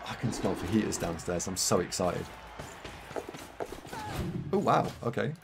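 Yorkshire male streamer, lowish voice, relaxed running commentary on his own moves, faint noise behind. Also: a little slow, vocal fry. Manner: chatty, thinks aloud, reads out chat. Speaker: game streamer. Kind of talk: casual live gameplay commentary.

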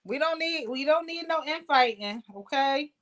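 A woman's voice: high voice, expressive, normal speed, a bit bright. A woman hosting a casual livestream chat, teasing her guests and laughing a lot. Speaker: livestream host.

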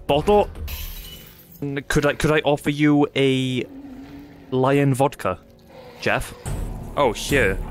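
Here a gaming YouTuber with a medium-pitched, slightly bright voice does live let's-play commentary on his own game. Nervous and foul-mouthed, he mutters to himself, curses, and lets out panicked yelps.

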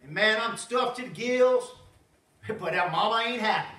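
Man, pastor, folksy sermon, high-pitched, bright tone, reverberant sanctuary, distant mic. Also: measured pace. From Southern United States. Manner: folksy, animated, frequent asides to the congregation. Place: church sanctuary. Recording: roomy church sound from a distance.

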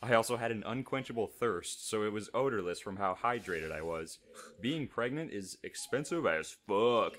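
A man with a slightly low voice reads aloud during a casual gameplay show. His delivery is loose and jokey, with crude asides and frequent giggles. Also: lively intonation, normal speed, fairly bright tone.

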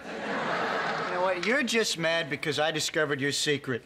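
A man's voice: on the high side, animated, very noisy. A man putting on a smug posh British spy. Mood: teasing. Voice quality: put-on posh British accent, slow and smug. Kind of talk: sitcom acting.

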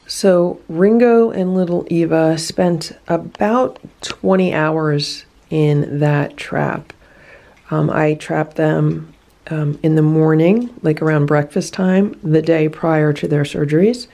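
A woman filming a cat vlog, explaining feral cat trapping and softly coaxing a trapped cat to relax. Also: low-pitched, fairly even intonation, slow. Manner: soothing, coaxing baby talk to a trapped cat. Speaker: cat rescuer vlogger. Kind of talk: casual vlog narration and talking to a cat.

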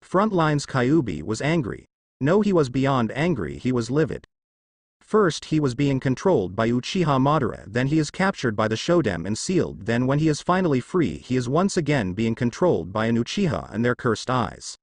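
A man narrating a fanfiction audiobook in an even storytelling read. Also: medium pitch, moderate pace, no room sound.

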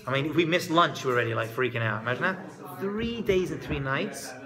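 High-voiced animated male lecturer. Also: fairly quick, a crowd in the background. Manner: animated, joking asides, conversational. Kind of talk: lively lecture retelling a biblical story. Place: live talk before an audience. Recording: live talk with audible audience.

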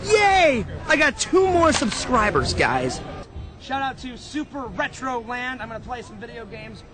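A man vlogging at a comic convention, goofy and over-the-top, shouting a catchphrase and giving shout-outs. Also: extremely high pitch, very animated, moderate pace, music in the background. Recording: noisy convention crowd around.

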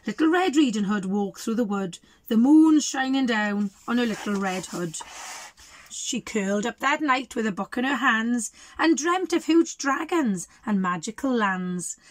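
A woman teacher reads a picture book aloud in a slightly high voice. She stops now and then to ask the children questions, in a dry, close-sounding room. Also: no room sound.

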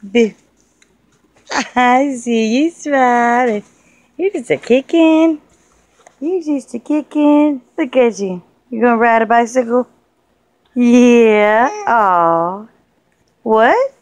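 A woman's voice: on the high side, takes it slowly, pauses often, a little mellow, no echo. A young woman filming her baby on a phone at home, talking in coaxing, playful baby talk. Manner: sing-song, coaxing and playful. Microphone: phone held over the baby.

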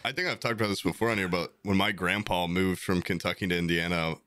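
A man's voice: low-pitched, steady tone, quick pace, sharp tone, no echo, studio quality. A young man co-hosting a podcast, bantering crudely in casual chat. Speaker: podcast co-host.

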